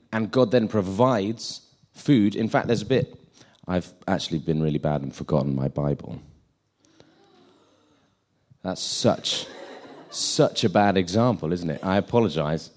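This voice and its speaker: A man's voice: deep voice, expressive, measured pace, darkish tone. A man giving an informal sermon, chatty and self-deprecating, acting out the scenes he retells.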